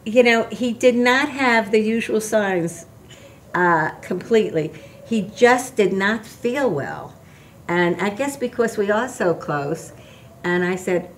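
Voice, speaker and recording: A woman's voice: mid-range voice, takes it slowly, slight background noise. An older woman, a guest on a talk show, chatting and telling her story in a candid, storytelling way. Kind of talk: casual chat.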